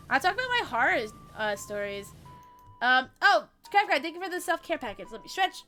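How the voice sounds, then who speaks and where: A woman's voice: sits high, sing-song, fairly quick, pushed and bright, soft background music. A woman streamer casually telling a story to her chat, swearing freely, laughing often and breaking off to read out chat messages.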